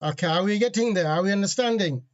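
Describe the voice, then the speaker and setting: A man with a somewhat high voice leads an online grammar lesson, quizzing his students as he goes. The sound is dull and lo-fi, as if from a basic class call. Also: fast talker. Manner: asks the class questions, reads Arabic parsing terms. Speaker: Arabic grammar teacher.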